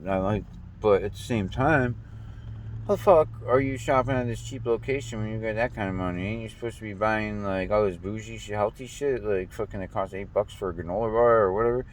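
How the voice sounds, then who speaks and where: A young American man rants casually in a lowish voice at a slightly quick pace, with a bit of background noise. He swears a lot, rambles, and keeps stammering and restarting his sentences.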